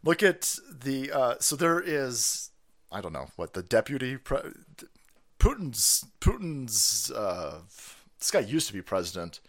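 A man's voice: medium pitch, big pitch swings, measured pace, fairly bright tone. A man ranting profanely and mockingly on his own stream as its host, laughing often. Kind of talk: profane political rant.

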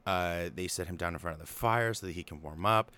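A man's voice: sits low, brisk, pushed and bright, smooth. Chatty man casually recapping a film. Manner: chatty, filler-heavy, frequent restarts, amused and opinionated.

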